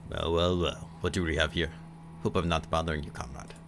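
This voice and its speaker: A man's voice: rumbling low, steady tone, a little fast, background noise. A man voicing a burly Russian-accented thug who is menacing with false friendliness. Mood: mocking. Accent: Russian, put on.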